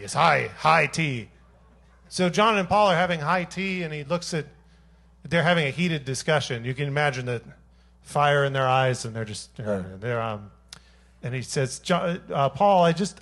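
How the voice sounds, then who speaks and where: A man's voice: a little high, a bit bright. A man who writes songs, joking and telling a playful story to a club audience between numbers. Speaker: singer-songwriter. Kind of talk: stage banter between songs. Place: small jazz club on stage.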